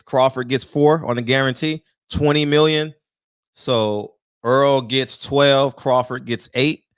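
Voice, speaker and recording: A man's voice: mid-range voice, a bit bright, dry recording, clean studio sound. A man, hosting a live-streamed boxing talk show, greeting viewers by name in loose, casual chat, swearing easily and laughing often. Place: small room.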